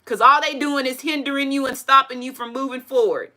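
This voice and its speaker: Woman, tarot reader, bright voice, fairly high, blunt and profane. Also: fairly even intonation, fairly quick. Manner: blunt, profane, preachy asides. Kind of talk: casual tarot reading monologue. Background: faint music playing.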